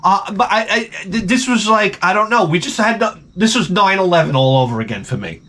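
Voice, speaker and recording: A man's voice: high-pitched, expressive, a little fast, sharp tone. Exasperated, swearing male storyteller. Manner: rambling, profane, comically exasperated. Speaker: vlogger. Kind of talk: casual storytelling monologue.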